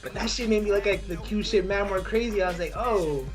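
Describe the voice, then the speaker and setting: Fast-talking young man chatting casually. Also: sits high, fairly even intonation, music in the background. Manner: rambling, fast, many restarts and slang. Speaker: podcast co-host. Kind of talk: casual chat.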